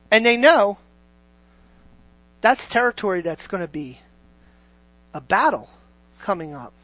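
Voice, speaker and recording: A preacher delivering a sermon in a middle-pitched voice. The delivery keeps asking the listeners questions and swings from forceful to almost hushed. The sound is dry and close, with no room echo. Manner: asks the listeners many questions, sweeping between loud and quiet.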